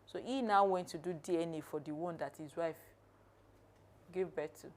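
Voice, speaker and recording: A woman co-hosting a podcast, telling a story in a measured, unhurried way. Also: fairly low pitch, a crowd in the background. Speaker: podcast co-host. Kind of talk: conversational podcast talk, storytelling.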